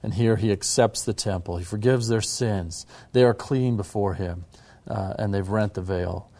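A man giving a measured, reverent explanation of scripture and church history, with occasional fillers. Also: fairly low pitch, mellow. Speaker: religious history presenter.

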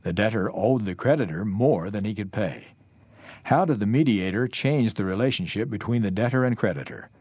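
Give me a low-voiced man reading a lesson text slowly and evenly, husky and dry. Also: animated, darkish tone, no echo. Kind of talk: scripted reading of a parable.

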